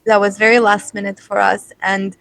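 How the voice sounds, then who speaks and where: A woman guest in a casual interview, speaking in a middle pitch and laughing easily. She talks haltingly, with fillers and restarts, and the recording is dry and close. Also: flat delivery, creaky, a bit bright, no echo, low-quality recording. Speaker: band singer, interview guest.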